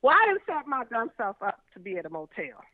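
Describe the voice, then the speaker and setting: A woman guest telling candid stories with a blunt, lively manner, often laughing, heard over a phone call. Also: on the high side, fairly quick, no room sound. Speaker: interview guest. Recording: tinny phone line.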